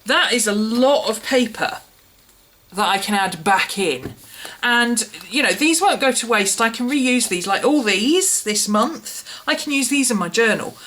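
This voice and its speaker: English woman, vlogger, chatty musing review tone, very lively pitch. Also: a little slow. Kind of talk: casual product review chat.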